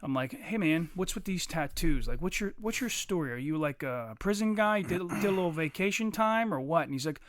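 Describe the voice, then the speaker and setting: A man's voice: a little high, a little fast, hardly any pauses, dry recording. A man casually telling a long, profane story on a podcast, mimicking the people in it. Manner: profane, animated, mimics others mid-story. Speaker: podcast co-host.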